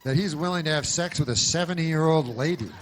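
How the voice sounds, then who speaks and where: A man telling a meandering stand-up story in a deadpan way, full of asides. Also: a little high, brisk, slight background noise. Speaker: stand-up comedian.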